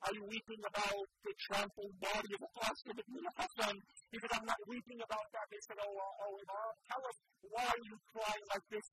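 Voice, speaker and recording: A man's voice: high voice, flat delivery, a little fast, hardly any pauses. A man delivering an impassioned Muharram sermon, recounting a tragic story with growing intensity. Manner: impassioned, rising in loudness as the story builds. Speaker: sheikh. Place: mosque hall in the UK. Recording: loud background noise.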